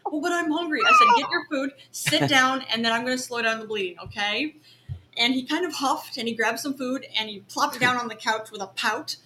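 A woman's voice: a little high, normal speed, sharp tone, slight background noise, poor audio. A woman who is an acting student, co-hosting a podcast in casual chat, supportive and laughing often. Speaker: podcast co-host.

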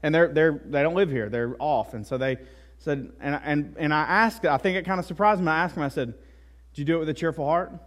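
A man's voice: on the high side, fairly quick. A male pastor delivering a sermon in a conversational way, with frequent asides and tag questions. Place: church.

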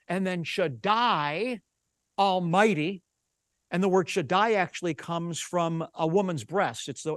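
A man's voice: on the high side, no echo. A rabbi and Bible teacher, a man, explaining in an earnest teaching manner during a broadcast interview, working through examples step by step.

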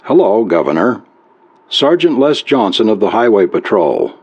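A man voicing a stern, blunt male state trooper in a read-aloud story, gruff and official. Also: lowish voice, big pitch swings, moderate pace, darkish tone, full character voice. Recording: dull lo-fi recording.

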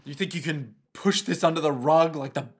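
A man voicing a furious young woman who berates a bird in a low, menacing snarl, in a comedy podcast. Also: steady tone, a little fast, slightly rough.

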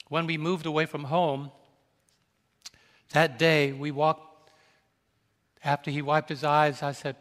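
An older male pastor from New York shares a tender family memory from the pulpit, his voice sitting a little high for a man. He reaches out to the congregation as he speaks, and his sermon rings through a large hall with a long, lingering reverb. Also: flat delivery, takes it slowly, pauses often, fairly bright tone. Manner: personal, emotional, calls out to the congregation. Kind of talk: storytelling sermon.

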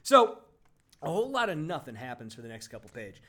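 Excitable high-voiced man. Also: brisk. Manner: excitable, sarcastic, loud bursts of laughter. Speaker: podcast co-host. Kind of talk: casual chat.

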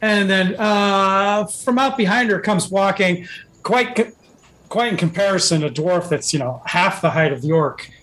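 A man's voice: sits high, measured pace, a bit bright. A man narrating a tabletop game as game master, rambling with fillers and restarts.

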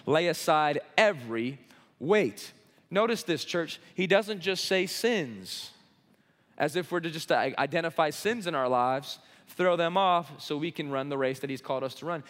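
Male pastor, middle-aged, slightly high voice, impassioned preaching, long church-hall reverb. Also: a bit bright. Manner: preaching with rising intensity, call and response. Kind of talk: sermon. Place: church sanctuary.

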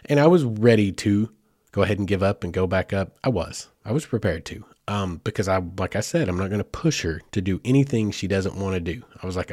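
A man's voice: on the low side, a little mellow, dry recording, studio quality. A man, a father, telling a family story in a casual, rambling way with lots of fillers. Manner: rambling, chatty, with many fillers like "like" and "you know".

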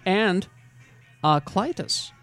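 A man's voice: sits high, lively intonation, drawn-out words, a bit bright, clear, resonant tone, soft background music. A man hosting a podcast in casual chat, enthusiastic and rambling. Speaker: podcast host.

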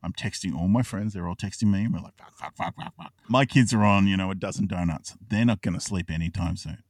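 A man in his thirties with an Australian accent, an excitable podcast co-host who tells a long story, swears and laughs often. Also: sits low, fast talker, no echo, far from the mic. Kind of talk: casual chat.

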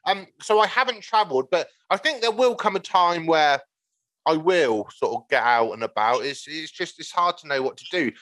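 A man's voice: a little high, lively intonation, moderate pace, a bit bright, dry recording, low-quality recording. A man hosting a fishing podcast, chatting in an easygoing, self-deprecating way. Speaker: podcast host. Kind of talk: casual chat.

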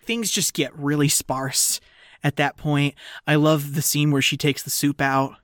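A woman's voice: low-pitched, flat delivery, measured pace, no echo, studio quality. A woman podcast co-host retelling a film scene by scene in casual chat. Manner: storytelling, enthusiastic.

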